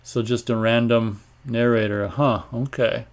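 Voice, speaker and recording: A man's voice: mid-range voice, steady tone, a little slow. Rambling man hosting a casual stream. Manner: rambling and offhand, clears throat often. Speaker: host of a live online radio stream. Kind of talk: casual chat while reading viewer comments aloud.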